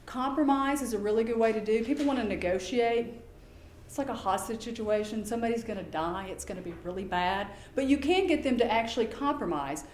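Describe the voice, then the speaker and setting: A middle-aged woman giving a lecture as a behavior specialist, lively and acting out quoted exchanges in voices. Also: a little high. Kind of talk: conference lecture. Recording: echoey room, faint background ambience.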